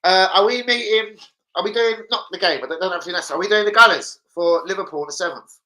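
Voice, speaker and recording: Talking fast in a high-pitched, pushed and bright voice, a young Londoner runs a casual livestream at home. He reads out comments and swears freely amid laddish banter, though the audio is poor.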